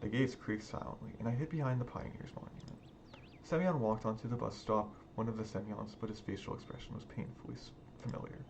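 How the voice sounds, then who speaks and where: A man's voice: lowish voice, fairly even intonation, fast, creaky, darkish tone, slight background noise. A man reading a visual novel aloud in a subdued, brooding first-person voice. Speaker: game let's-player. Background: game music.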